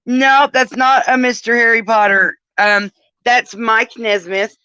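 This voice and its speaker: A woman's voice: on the high side, fairly even intonation, measured pace, sharp tone, smooth, dry recording, highs cut off. A woman talking casually to her stream viewers while in pain, groaning and swearing often as she moves around. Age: older. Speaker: vlogger. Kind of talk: casual live-stream chat.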